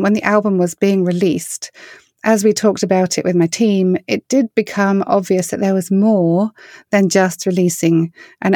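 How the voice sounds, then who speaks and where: A middle-aged woman with an English accent, a worship singer answering interview questions with earnest, storytelling warmth. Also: mid-range voice, no room sound, studio quality. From England. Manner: earnest, storytelling, animated when quoting others.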